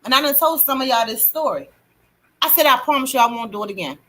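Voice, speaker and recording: A middle-aged woman hosting a livestream, telling her testimony in a casual, animated way and greeting chat viewers. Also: sits high, fast. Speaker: livestream host.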